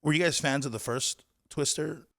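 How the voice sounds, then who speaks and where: A man from Hawaii co-hosting a podcast, chatting casually in a relaxed, rambling way. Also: fairly high pitch, normal speed, vocal fry. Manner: relaxed, laughing, rambling asides. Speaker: podcast co-host. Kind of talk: casual chat.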